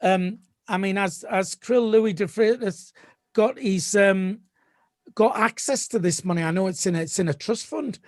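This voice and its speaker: A man's voice: high voice, moderate pace, dry recording. A man hosting a live fan panel, talking casually with many fillers and restarts. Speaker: host of a live fan show.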